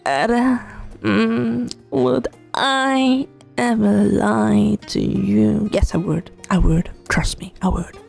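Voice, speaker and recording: A mischievous, sultry grown woman, put on by a woman streamer drawls her teasing lines in a slow, deeply gravelly voice. Her tone stays sly and knowing throughout. Soft background music plays under her. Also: fairly even intonation.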